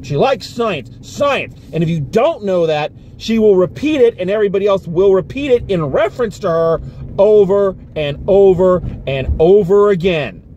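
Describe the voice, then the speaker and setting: A man delivers a casual movie review from the seat of a car, his voice pitched high and leaping around with exasperation. He rants and swears freely, sounding worked up. A faint hum of road noise sits underneath. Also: normal speed, muffled recording. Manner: exasperated, animated ranting with swearing. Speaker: film reviewer. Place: inside a car.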